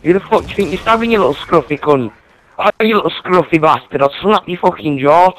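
Man, young adult, furious, swearing, threatening, online game chat, somewhat high pitch. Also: quick pace, fairly bright tone, no room sound, rough recording. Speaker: angry online gamer.

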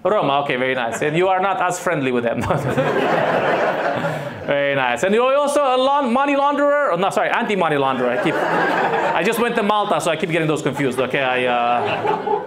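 A man's voice: fairly high pitch, lively intonation, fairly quick, heavy background noise. A man from Romania doing crowd work stand-up, teasing audience members and laughing often. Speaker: stand-up comedian. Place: comedy club stage with audience. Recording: echoey club with crowd laughter.

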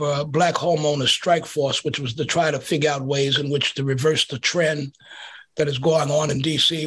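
A man with a high, husky voice tells a community story with lively energy. He is a middle-aged pastor speaking in an interview, and he acts out the quotes as he goes.

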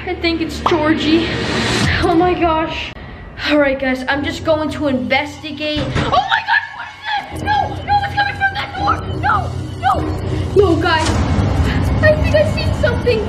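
Woman YouTuber, very high voice, panicky scare-vlog host, loud music bed. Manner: panicky, repeats pleas and denials, shifts between shrieks and low murmurs. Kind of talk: staged scary-prank vlog. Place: at home indoors.

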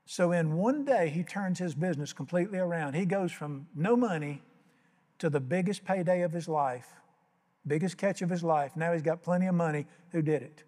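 A man's voice: a little high, animated, moderate pace, mellow, big-room sound. An older man preaching a sermon as pastor, telling folksy stories and acting out the voices. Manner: folksy storytelling, acts out voices.

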